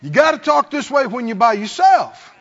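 High-voiced preacher in a reverberant hall. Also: male voice, big pitch swings, moderate pace, fairly bright tone, some chatter behind. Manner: preacherly, calls out to the congregation, acts out complaining voices. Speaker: pastor. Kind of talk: sermon. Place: church sanctuary. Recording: dull sound, long hall reverb.

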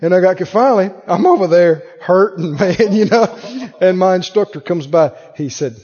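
A man's voice: high voice, expressive, normal speed, darkish tone, breathy edge, in a large hall, lo-fi sound. A man preaching a sermon, telling a personal story and acting out the voices in it.

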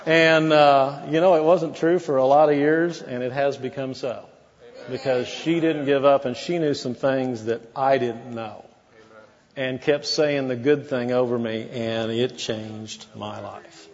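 A man's voice: mid-range voice, steady tone, a little slow, highs cut off. Folksy preacher man in a reverberant hall. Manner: folksy, conversational preaching with asides. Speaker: pastor. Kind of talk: sermon.

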